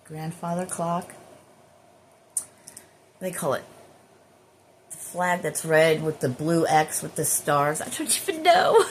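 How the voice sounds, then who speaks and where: A woman's voice: low-pitched, lively intonation, slow, pauses often, a little hiss or hum. A woman who works as a spiritual healer, rambling in a casual spiritual monologue with drifting, profane asides.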